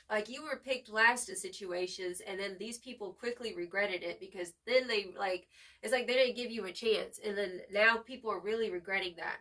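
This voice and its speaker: A woman giving a casual tarot reading to camera, expressive and slangy, swearing freely as she hypes up the viewer. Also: mid-range voice, recorded from a distance. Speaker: tarot reader.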